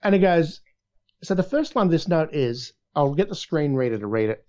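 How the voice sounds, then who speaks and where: An Australian man, a voice actor, chatting casually and telling stories with lively quoted voices. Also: a little high, normal speed, muffled recording. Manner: animated storytelling, voices in quotes. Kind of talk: casual conversation.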